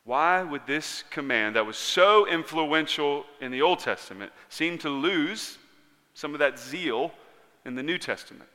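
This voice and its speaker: A man preaching in a church sanctuary, his bright, forceful voice carrying a long reverb through the large hall. He preaches earnestly, rising to loud emphasis and then dropping to near-quiet lines. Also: on the high side, animated, a little slow. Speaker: pastor. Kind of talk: sermon.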